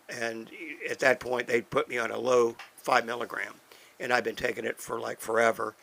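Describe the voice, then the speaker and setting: Older guy w/ a gravelly bright voice, folksy wry storytelling in a studio. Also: medium pitch, poor audio. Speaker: podcast co-host. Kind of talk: casual storytelling.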